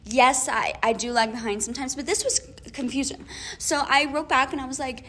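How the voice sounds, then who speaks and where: A young woman co-hosting a casual chat podcast, telling an animated story with lots of laughs and acted-out emails. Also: high voice, a little fast, a little hiss or hum. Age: young adult. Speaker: podcast co-host.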